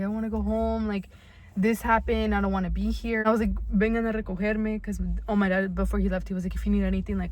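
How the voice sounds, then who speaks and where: A woman's voice: mid-range voice, darkish tone. A young woman from California co-hosting a podcast, telling a story in casual chat. She swears freely, leans on "like," and acts out her own past lines. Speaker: podcast co-host.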